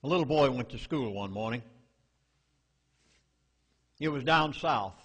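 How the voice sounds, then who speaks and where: A man's voice: mid-range voice, lively intonation, measured pace, fairly bright tone, breathy edge. A man with a Southern US accent giving an urgent, emphatic public lecture to a live audience. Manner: emphatic, urgent, dramatic warnings. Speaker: public speaker. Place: meeting hall. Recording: echoey hall reverb.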